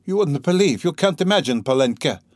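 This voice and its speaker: A man's voice: medium pitch, normal speed, no room sound, clean studio sound, close to an everyday voice. A man voicing a proud, distraught consumptive mother who talks fretfully and breathlessly. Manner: breathless, fretful and rambling, broken by coughs.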